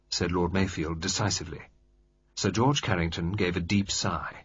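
A male narrator reads a classic novel aloud in a steady, even manner. His voice is husky, recorded dry and slightly muffled. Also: sits low, normal speed, no echo. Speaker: audiobook narrator. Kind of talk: scripted narration.

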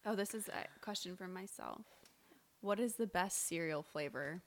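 A woman's voice: lowish voice, animated, normal speed, heavy background noise. A woman co-hosting a podcast, reading out questions in casual chat and reacting with giggly exclamations.

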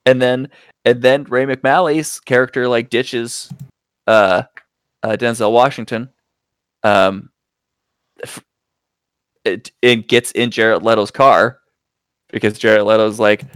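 A man co-hosting a podcast, casually recapping a film in a rambling, profane way, jumping into loud acted-out quotes. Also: medium pitch, steady tone, takes it slowly, long pauses, smooth, no room sound, studio quality. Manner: rambling, profane, acts out quotes with big voice jumps. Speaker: podcast co-host reviewing movies. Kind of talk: casual chat.

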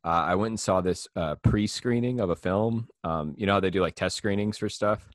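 A young man with a lowish voice tells a rambling, laugh-filled story in casual podcast chat. The sound is dry and close to the mic, and he keeps breaking into quick impressions of people. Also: dry recording. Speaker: podcast host.

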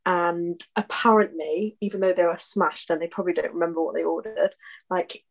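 A woman's voice: fairly low pitch, steady tone, moderate pace, creaky. A young woman in her twenties, chatting casually on a podcast and rambling through anecdotes full of ums. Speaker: podcast co-host. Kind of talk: casual chat.

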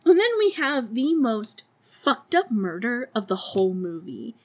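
A woman's voice: big pitch swings, measured pace. Laughing, sarcastic woman retelling a movie. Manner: laughs often, profane and sarcastic; acts out characters in a high put-on voice. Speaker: podcast host. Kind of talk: casual movie recap.

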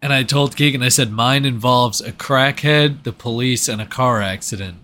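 A man co-hosting a casual podcast, reacting to a story with quick interjections and teasing. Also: mid-range voice, sharp tone. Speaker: podcast co-host. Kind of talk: casual chat.

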